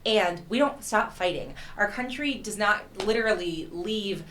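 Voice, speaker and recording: A woman speaking as a guest in a casual interview, telling stories in a candid, animated way with frank profanity. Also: medium pitch, measured pace. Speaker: county party chair, guest.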